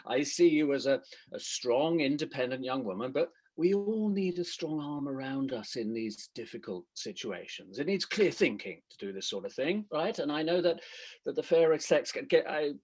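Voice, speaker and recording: A man's voice: on the high side, big pitch swings, moderate pace, a little mellow, slightly rough. A man playing a pompous, bumbling gent. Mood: patronizing. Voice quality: bumbling, patronizing, tripping over his words. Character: pompous, clueless prejudiced British gentleman. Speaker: consultant acting out a skit.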